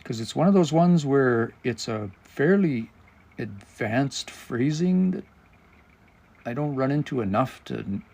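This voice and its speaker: A man's voice: medium pitch, lively intonation, a little slow, a little mellow. A man hosting a livestream language lesson, explaining grammar as he thinks aloud and searches for words. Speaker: language teacher and livestream host.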